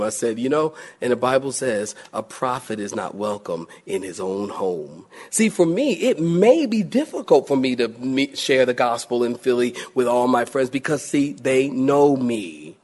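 A middle-aged man from Philadelphia, a pastor preaching a sermon and telling stories with lively voiced asides. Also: mid-range voice.

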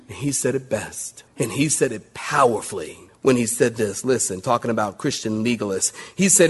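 A man preaches a sermon in a high voice. His pitch rises and falls a lot. He calls out to the congregation for amens, with loud exclamations and hushed asides. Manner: calls for amens and acts out skits. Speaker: pastor.

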